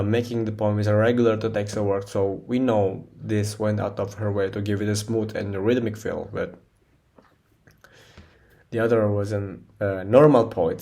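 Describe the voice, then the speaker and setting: A man, a non-native English speaker, presenting a poem analysis for class, halting often with fillers and restarts. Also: on the low side, creaky, a little mellow. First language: Indonesian. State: short of breath.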